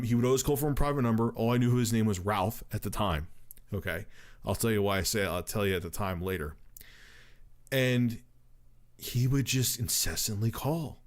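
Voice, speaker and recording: Profane man casually telling a story. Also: mid-range voice. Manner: profane, animated retelling with acted quotes. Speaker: storyteller on a livestream.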